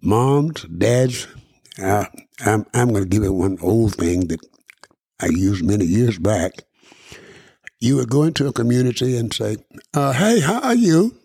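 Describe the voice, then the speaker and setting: An older man hosting a podcast, speaking to listeners in an earnest, preacherly way and stressing his words slowly and deliberately. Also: lowish voice, creaky, dark tone, husky, no echo, studio quality. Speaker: podcast host. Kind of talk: earnest direct address to listeners. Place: studio.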